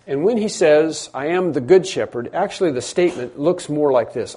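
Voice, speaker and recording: A middle-aged man delivers a sermon in a warm, mellow voice. He speaks earnestly, circling back and repeating key words to stress them. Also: fairly high pitch, expressive, moderate pace, hardly any pauses, slightly rough. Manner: earnest, repeats and restarts for emphasis. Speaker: pastor.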